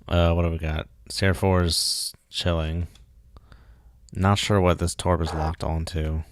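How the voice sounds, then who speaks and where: A man's voice: sits low, little pitch movement, a little slow. A man casually thinking aloud while streaming a game, muttering and joking at himself. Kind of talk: casual live gameplay commentary.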